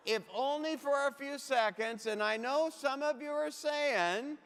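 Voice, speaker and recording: Speaking at a measured pace with hardly any pauses, a middle-aged comic keynote speaker has an extremely high-pitched, fairly bright voice. He shares punchy motivational stories and audience asides on a stage mic, and the large conference hall gives the recording an echoey reverb.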